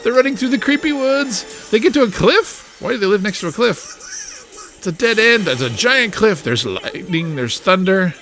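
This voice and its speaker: A woman hosting a reaction show, narrating a cartoon excitedly, laughing and sometimes hushing her voice. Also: medium pitch, normal speed, faint music behind. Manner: excitable, laughing, often drops to a hushed voice. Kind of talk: live reaction commentary on a cartoon.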